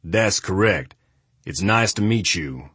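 A man putting on a gruff booming homeowner. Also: animated, slow, a bit bright, no room sound, exaggerated voice. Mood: blunt. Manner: commanding, blunt. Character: short gruff middle-aged man with booming voice. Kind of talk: audiobook character voice.

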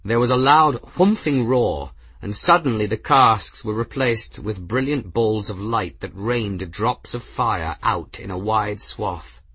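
A man reading fiction as an audiobook narrator, in a steady, measured scripted narration. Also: on the low side, slightly rough, dry recording.

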